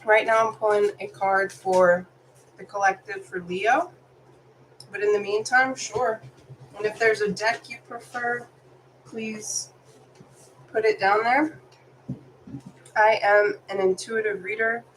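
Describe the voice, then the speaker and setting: A woman's voice: medium pitch, fairly even intonation, takes it slowly, pauses often, fairly bright tone, slight background noise, poor audio. A woman who is sick, doing a live tarot reading for viewers, chatty and apologetic, reading card meanings aloud. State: sick, congested. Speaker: tarot reader.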